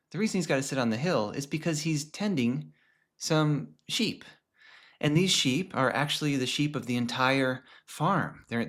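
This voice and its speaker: A man presenting a lesson on film characters, telling a story in a conversational way with frequent restarts and some soft, hushed stretches. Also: mid-range voice. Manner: conversational, many restarts, drops to a hush at times.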